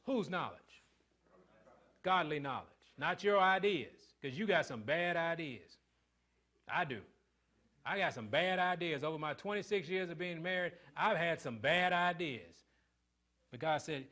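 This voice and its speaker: A middle-aged male pastor preaching a sermon in call-and-response style, quizzing the congregation and swinging between loud emphasis and hushed lines. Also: on the high side, animated, measured pace.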